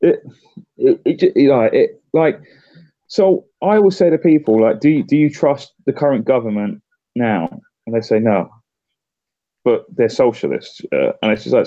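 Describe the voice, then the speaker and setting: A man's voice: medium pitch, animated, warm tone, no echo. A man talking politics in a loose, casual way, tripping over his openings and repeating words before his point lands. The sound is dry and dull, with a lo-fi, muffled edge. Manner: halting, repeats words when starting sentences. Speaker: political candidate.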